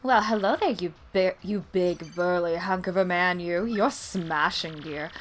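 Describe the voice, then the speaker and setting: A woman's voice: lowish voice, a little slow, slight background noise, natural voice. A woman voicing a sly, flirty female mouse thief with a coy, theatrical manner. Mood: flirtatious.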